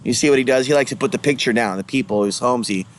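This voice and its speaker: A man's voice: mid-range voice, quick pace, a little hiss or hum. A man rambling through a casual vlog monologue, jumping between topics with mocking sing-song asides. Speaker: vlogger.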